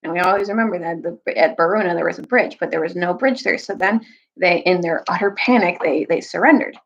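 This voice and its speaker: Brief: young woman, storytime reader, lively kid-friendly delivery, slightly muffled lo-fi sound. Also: brisk, vocal fry. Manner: animated, jumps high for quoted characters. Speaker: storyteller reading aloud to children. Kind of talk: casual storytime recap and read-aloud.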